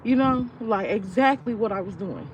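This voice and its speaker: A woman's voice: mid-range voice, animated, moderate pace. A young woman vlogging casually, venting in a rambling, profane, heartfelt way about her feelings. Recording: distant, muffled mic with street noise.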